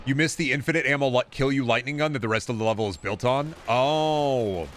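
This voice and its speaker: A man's voice: medium pitch, rapid-fire, fairly bright tone, slight background noise. A man streaming a video game, rambling through sarcastic commentary with mock-folksy asides. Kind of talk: casual gameplay commentary.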